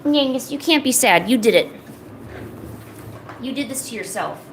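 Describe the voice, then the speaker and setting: A woman with a slightly high voice, talking casually and playfully to her cats as she draws. Her chat is loose and teasing. A faint room noise hums behind her. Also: animated, moderate pace, vocal fry, low-quality recording. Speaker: streamer. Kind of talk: casual chat while drawing.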